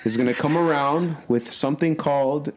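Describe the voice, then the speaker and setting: A man co-hosting a casual podcast, teasing his friends and giving advice in a relaxed, laughing way. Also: a little high, normal speed, faint music behind. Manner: teasing, laid-back, gives advice with a laugh. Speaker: podcast co-host. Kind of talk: casual chat.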